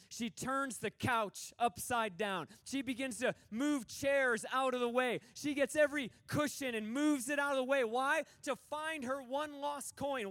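High-voiced, passionate male preacher. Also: a bit bright, no echo. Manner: passionate, emphatic, acts out quoted dialogue. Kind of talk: conference sermon.

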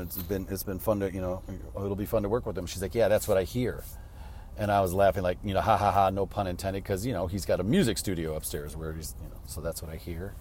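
A man's voice: fairly low pitch, a little mellow, a little hiss or hum. A man vlogging to his viewers in a casual storytelling style, rambling and upbeat, leaning on fillers as he talks. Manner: rambling, upbeat, heavy on fillers like "you know" and "like".

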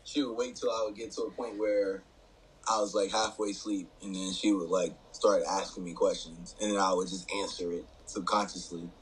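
A man's voice: low voice, steady tone, normal speed, slightly rough, low-quality recording. A young man co-hosting a podcast in casual, playful chat. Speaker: podcast co-host.

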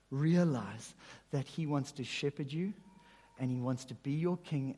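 A male pastor preaching a sermon, swinging between emphatic loud phrases and soft, hushed lines. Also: a little high. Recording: long reverb of a large hall.

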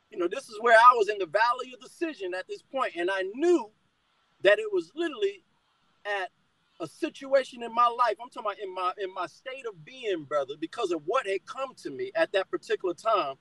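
Fired-up man with a high voice. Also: fairly bright tone, no room sound, rough recording. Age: middle-aged. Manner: fired up, addresses listener as brother. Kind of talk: personal testimony in conversation.

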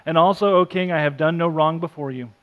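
A male pastor delivers an earnest sermon with a slightly higher-pitched voice. He reads scripture aloud and swings between emphatic, raised lines and quiet, hushed ones. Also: fairly quick, narrow, tinny audio. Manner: earnest preaching, rising for emphasis then dropping soft; self-deprecating asides.

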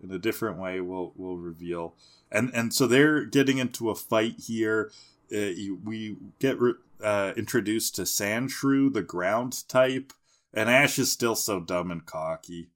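A man's voice: fairly low pitch, a little slow. A man co-hosting a casual podcast, recapping cartoon episodes, laughing often and mimicking characters in mocking voices. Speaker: podcast co-host.

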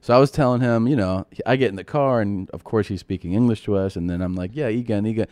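A man's voice: fairly low pitch, fast, darkish tone, no room sound. A man co-hosting a podcast, telling tour stories in casual chat, laughing often and acting out quoted voices. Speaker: podcast co-host and comedian.

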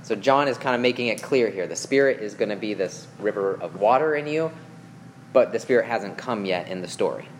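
A man with a fairly low voice teaches a Bible passage conversationally, slightly fast and animated, over faint background noise. He reads verses aloud, explains them, and checks in with listeners through questions and "okay?".

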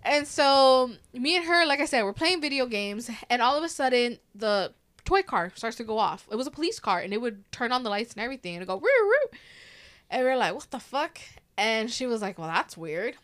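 A woman's voice: on the high side, a little fast. A swearing woman telling a wild story. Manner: animated, swears freely, acts out quoted voices. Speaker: podcast host. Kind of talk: casual storytelling.

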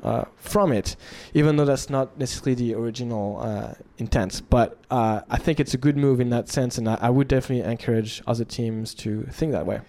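Male studio founder, mellow tone, hesitant and thoughtful, casual interview delivery. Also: mid-range voice, brisk, few pauses. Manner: thoughtful, hesitant, with frequent restarts.

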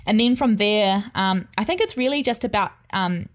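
A woman's voice: mid-range voice, animated, normal speed. A young adult woman, a wedding photographer, chatting casually with many fillers and laughs. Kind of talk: casual podcast chat.

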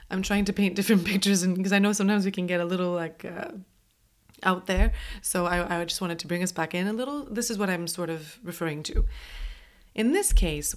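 A woman hosting a podcast, talking casually about mindfulness, laughing often and acting out inner voices, with many restarts. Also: fairly low pitch. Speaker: podcast host.

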